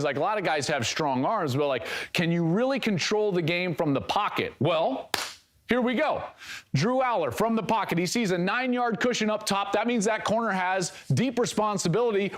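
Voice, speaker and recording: Male football analyst, high lively voice, excitable film breakdown. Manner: excitable, exclamatory.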